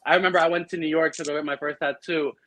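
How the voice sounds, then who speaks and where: A man with a Boston accent, chatting casually as a podcast guest and telling animated stories full of fillers. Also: a little high, dry recording, rough recording. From Argentina. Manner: animated, quick storytelling with lots of fillers. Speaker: drag performer guest.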